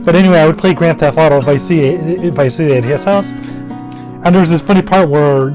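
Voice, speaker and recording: A man's voice: fairly high pitch, fairly quick, music in the background. A man giving casual, rambling gameplay commentary, full of fillers, restarts and the odd swear word. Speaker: gaming commentator.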